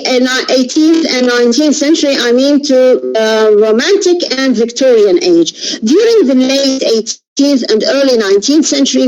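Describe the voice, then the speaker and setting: A woman with an Arabic accent giving a literature lecture, halting with many fillers and restarts. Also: high-pitched, darkish tone, dull audio. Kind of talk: recorded lecture.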